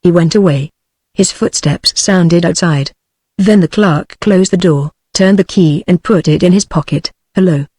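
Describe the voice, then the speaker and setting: A text-to-speech woman's voice with a British accent, narrating an audiobook in an even synthetic delivery. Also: fairly low pitch, unhurried, no echo, studio quality. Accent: British English.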